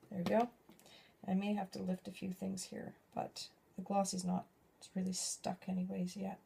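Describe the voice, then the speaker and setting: A woman's voice: medium pitch, monotone, moderate pace, creaky, warm tone, a little hiss or hum. A middle-aged woman hosting a casual craft video at home, chatting and rambling as she works and often breaking off mid-thought. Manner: chatty, rambling, self-interrupting. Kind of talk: casual craft tutorial chat.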